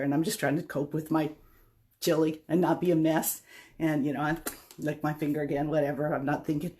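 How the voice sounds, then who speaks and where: A woman's voice: sits low, little pitch movement, brisk, a little mellow. A middle-aged woman vlogging, telling a personal story in a chatty, rambling, self-deprecating way. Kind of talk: casual storytelling monologue.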